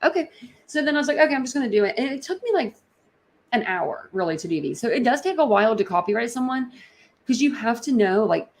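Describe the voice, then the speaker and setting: A woman hosting a casual livestream, talking in a rambling way with lots of fillers and quick laughs. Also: a little high, animated. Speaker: livestream host.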